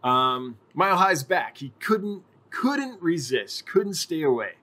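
Bright-voiced man chatting on a livestream. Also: a little high, big pitch swings, takes it slowly. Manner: chatty, rambling, many ums and self-corrections. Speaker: livestream host answering viewer chat. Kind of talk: casual live chat.

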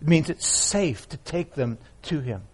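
A male pastor preaching a sermon in a slightly high, husky voice. He reads scripture aloud with feeling and often swings from loud, emphatic lines down to soft, hushed ones. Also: animated, a little slow.

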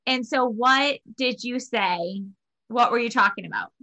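A young woman hosts a casual podcast chat with an upbeat, talkative manner. Her voice sits fairly high and sounds bright and crisp, and she likes to repeat phrases for emphasis. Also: unhurried. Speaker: podcast host.

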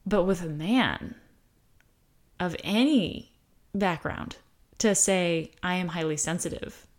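Animated American woman, lowish voice. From United States. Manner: animated, acts out quoted voices with pitch jumps. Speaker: host talking about high sensitivity. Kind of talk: casual explanatory monologue.

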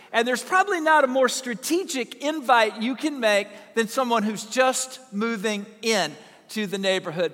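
A man's voice: very high voice, a bit bright, big-room sound. A pastor from Southern Illinois preaching a sermon, telling folksy, humorous stories to his congregation. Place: church sanctuary.

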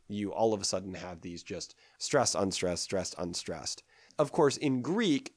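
A man reciting a poem slowly, then explaining its verse in a relaxed lecturing voice. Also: lowish voice, no room sound, clean studio sound. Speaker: lecturer on ancient poetry. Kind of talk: poetry reading and lecture.

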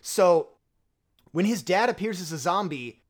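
A man co-hosting a casual film chat, excitable and swearing freely as he talks through scenes. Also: high voice, unhurried. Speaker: podcast co-host.

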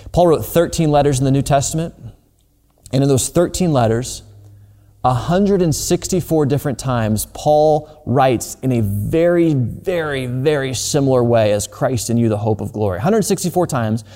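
Conversational pastor with a mellow voice. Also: male voice, mid-range voice, in a large hall. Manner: conversational preaching with frequent repeated words. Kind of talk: sermon.

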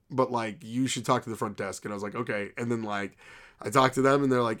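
A man's voice: mid-range voice, brisk, fairly bright tone. Guy in his 30s rambling thru a story on a podcast, tons of "like", acting out what people said. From New York area. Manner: rambling storyteller, lots of "like" and quoted dialogue. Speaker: podcast co-host. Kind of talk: casual chat.

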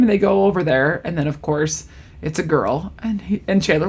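A woman's voice: sits low, fairly quick, a little mellow, slightly rough. A woman co-hosting a casual chat, animatedly retelling a sitcom episode and acting out the characters' lines.

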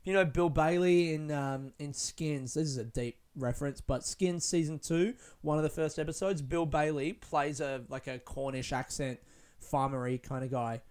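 A man's voice: fairly high pitch, fairly even intonation, normal speed, a little mellow, smooth. A young adult man, a stand-up comedian, talking in a casual reflective vlog style, rambling with lots of "like", restarts and casual swearing.

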